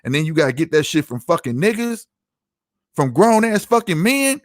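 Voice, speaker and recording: A middle-aged man running his own podcast goes off on his live chat in a heated, profane, emphatic solo livestream rant. His slightly high voice is very animated at a moderate pace, in clean studio sound without echo.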